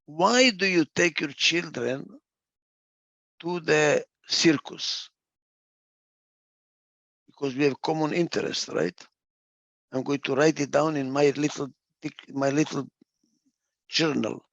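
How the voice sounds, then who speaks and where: A man with a somewhat high, gravelly voice delivers a reflective talk, close and dry with no room sound. He hammers ideas home by repeating short phrases. Now and then he gropes for a word and restarts the sentence. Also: slow, pauses often, a bit bright, no room sound, highs cut off. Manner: emphatic, repeats key phrases for stress; gets lost for a word and restarts. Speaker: speaker.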